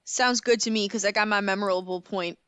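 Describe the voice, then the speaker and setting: A young woman co-hosting a podcast in casual chat, animated and laughing as she tells stories dramatically. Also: medium pitch, fairly quick, smooth, no room sound. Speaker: podcast co-host.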